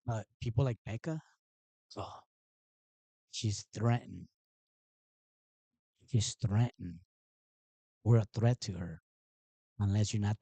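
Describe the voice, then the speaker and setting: A man hosts a live stream in a loose, rambling way, his voice low and mellow. He talks with a mocking, sarcastic edge. The sound is dry and close. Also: slow, long pauses, breathy edge, no room sound. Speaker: livestream host. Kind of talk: casual live-stream commentary.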